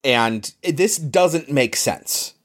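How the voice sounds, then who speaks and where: A man's voice: mid-range voice, lively intonation, slow pace, fairly bright tone. A man co-hosting a podcast, casually explaining film plot points and laughing along. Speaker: podcast co-host.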